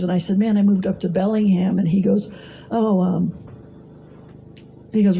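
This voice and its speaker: Gravelly, blunt middle-aged woman. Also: lowish voice, fairly even intonation, normal speed, dark tone, a little hiss or hum, poor audio. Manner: blunt, salty storytelling with frequent fillers. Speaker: recovery meeting speaker. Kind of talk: personal testimony talk. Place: meeting hall.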